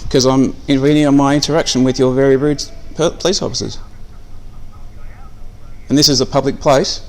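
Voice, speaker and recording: A man's voice: medium pitch, fairly even intonation, brisk. An Australian man in a police station, insistently arguing with officers and repeating his questions while filming on a phone. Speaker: member of the public filming police. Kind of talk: confrontational argument. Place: police station reception area, indoors.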